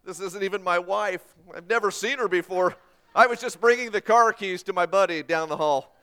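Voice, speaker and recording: A man's voice: high-pitched, moderate pace, a bit bright, clear, resonant tone, big-room sound. A man voicing a nervous, flustered man outside a delivery room, stammering and fretful. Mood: blubbering.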